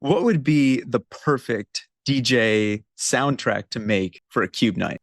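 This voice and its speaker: A man's voice: medium pitch, lively intonation, slow pace, no room sound, clean studio sound. A man hosting a podcast, asking short casual questions and laughing along. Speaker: podcast host, interviewer.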